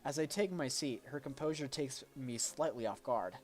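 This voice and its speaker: A man reading a game's narration aloud on a stream, at an ordinary middle pitch. He stumbles and restarts now and then as he goes. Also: normal speed, faint music behind. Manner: reads aloud with small slips, jokes with a friend. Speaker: streamer reading a visual novel.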